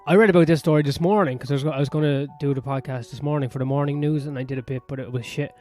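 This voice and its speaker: A man's voice: medium pitch, steady tone, very fast. A man with an Irish accent hosting his own podcast, rambling through a crude, sardonic comedic monologue full of swearing. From Ireland. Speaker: podcast host. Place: sauna-area home in west London. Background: soft piano music.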